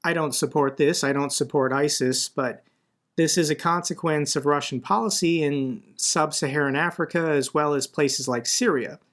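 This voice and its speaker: A man's voice: on the high side, moderate pace, a bit bright. A man from the United States giving blunt, conversational commentary on the news, growing more indignant as he argues. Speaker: political commentator. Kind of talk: casual commentary video.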